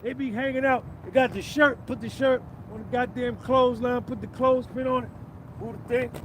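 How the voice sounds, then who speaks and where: A man's voice: very high voice, steady tone, fairly quick, slight background noise. A man with a New Jersey accent, hosting a casual livestream and rambling with viewers in profane banter. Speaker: livestream host.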